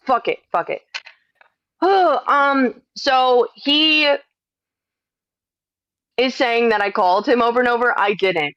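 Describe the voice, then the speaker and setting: A woman's voice: medium pitch, no room sound. A woman on a livestream, exasperated, swearing often and restarting her sentences as she answers accusations. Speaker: streamer responding to accusations. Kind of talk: livestream chat. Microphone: cheap microphone. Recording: dull lo-fi mic.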